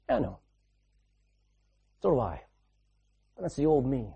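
A man preaching a sermon, repeating phrases for emphasis and swinging between loud and hushed delivery. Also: on the high side, huge pitch swings, measured pace, gravelly, pauses often, slightly rough.

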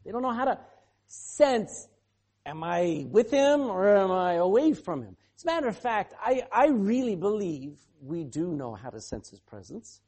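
Preacher with a lively, swooping pitch. Animated sermon delivery, firing questions at the congregation. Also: normal speed, breathy edge. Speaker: pastor.

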